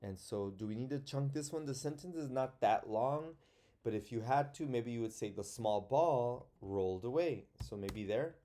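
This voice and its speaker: A man teaching young children an online phonics and spelling lesson, slow and patient, sounding words out letter by letter. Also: on the low side, warm tone.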